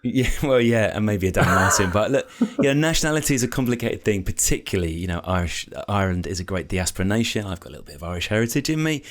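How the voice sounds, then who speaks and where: A man hosting a cycling podcast in casual chat, measured and diplomatic, steering the talk from point to point. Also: fairly low pitch, expressive. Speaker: podcast host.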